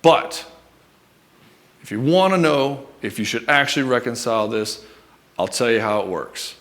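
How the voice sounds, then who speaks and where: A man in the role of a relationship coach talks straight to the camera. His advice is blunt and peppered with swearing, and he addresses the listener as "brother". His voice sits at an ordinary middle pitch. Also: normal speed, fairly bright tone. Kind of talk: direct-to-camera advice monologue.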